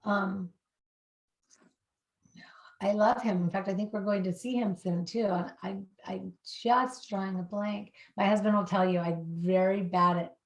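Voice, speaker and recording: A woman hosting a podcast, in casual, lively talk that often trails off and restarts. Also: medium pitch, measured pace. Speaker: podcast host. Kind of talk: casual conversational chat.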